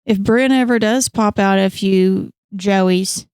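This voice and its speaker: A woman's voice: medium pitch, takes it slowly, darkish tone, clean tone, dry recording. Woman, podcast co-host, casual, swears, laughs a lot, dry close sound.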